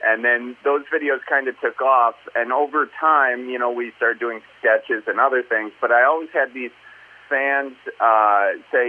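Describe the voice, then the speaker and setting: A man's voice: medium pitch, fairly even intonation, measured pace. Man on a tinny phone line. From American Midwest. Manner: loose, filler-heavy, restarts often. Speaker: comedian guest. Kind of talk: casual interview chat.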